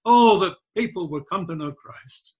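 A man's voice: animated, darkish tone, husky. A man preaching a sermon, emphatic and repetitive, pressing his points and lifting his voice on key phrases. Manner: slow, emphatic and repetitive, rising in pitch and force on key phrases.

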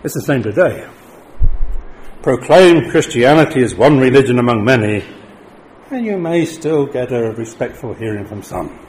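A middle-aged man preaching a sermon, lifting his voice for emphatic declarations and dropping low and quiet for solemn points. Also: expressive, normal speed, a little hiss or hum, rough recording.

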